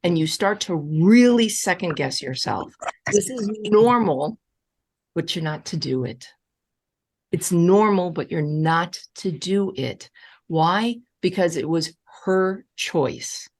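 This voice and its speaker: Emphatic, reassuring woman coach. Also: slow. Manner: emphatic and reassuring, repeats key phrases; animated, with wide swings in pitch. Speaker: relationship coach answering audience questions. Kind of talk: live online Q&A advice session.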